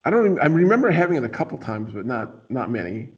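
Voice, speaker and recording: A man's voice: mid-range voice, big pitch swings, fast. A man hosting a casual talk show, rambling and playful with lots of fillers. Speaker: podcast host. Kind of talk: casual chat. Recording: dull lo-fi sound.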